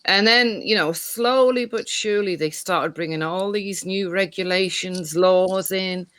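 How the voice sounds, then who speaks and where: A woman's voice: lowish voice, measured pace, a bit bright, smooth, no room sound. A woman on a live online panel debate, talking insistently with lots of restarts and rambling asides.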